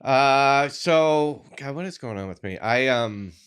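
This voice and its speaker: A man co-hosting a podcast in casual studio chat, easygoing and quick to laugh. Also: medium pitch, animated, a bit bright, clean tone. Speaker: podcast co-host. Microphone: studio microphone.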